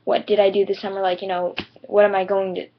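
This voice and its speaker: A teenage girl vlogs to camera, telling a chatty, rambling story full of "like" and "you know." Her mid-range voice moves little in pitch and she talks fast, over dull lo-fi webcam audio.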